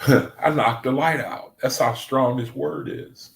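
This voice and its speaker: In a casual livestream, a gravelly-voiced man guides a Bible study, pausing his loose, chatty remarks, peppered with "man," to read verses aloud. He speaks slowly in a mid-range voice with fairly even intonation, captured by a desk microphone in a rough, reverberant recording.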